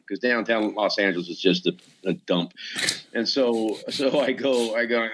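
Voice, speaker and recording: With a mid-range voice and moderate pace, a stuntman guesting on a podcast spins casual, animated stories, voicing the quoted lines as he goes.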